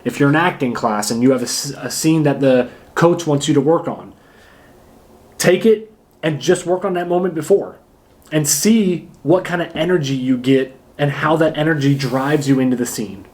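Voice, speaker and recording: A man coaches actors in a casual talk to camera, speaking with energy and emphasis. He punctuates his points with physical demonstrations. His voice sits a little high for a man. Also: lively intonation, moderate pace, darkish tone. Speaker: acting coach.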